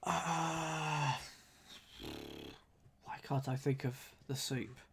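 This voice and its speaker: Slow-talking man with a slight lisp. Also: fairly high pitch, steady tone, noisy background. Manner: muttering, sighing, trailing off while puzzling. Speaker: puzzle streamer. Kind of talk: thinking aloud while solving a crossword.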